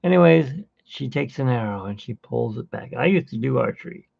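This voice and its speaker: A man's voice: medium pitch, lively intonation, fairly quick, vocal fry, no room sound, highs cut off. A tired man who got little sleep, hosting a live drawing stream and chatting casually in a rambling way as he works. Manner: rambling storyteller, hums while working.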